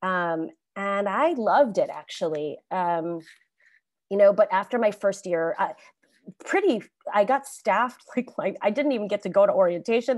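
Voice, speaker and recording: A woman's voice: medium pitch, darkish tone, no echo, clean studio sound. A woman on a webinar panel casually telling her career story, chatty and loose with lots of fillers and restarts, over a video call. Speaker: alumni panelist.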